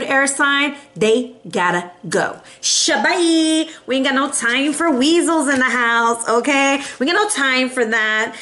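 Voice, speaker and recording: Chatty woman tarot reader, high bright voice, playful and casual. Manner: chatty, playful, gives shout-outs. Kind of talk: casual tarot reading to camera.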